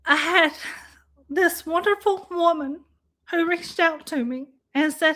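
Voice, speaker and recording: A woman hosting a casual livestream, chatting warmly to her viewers and calling them y'all. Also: very high voice, takes it slowly. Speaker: livestream host.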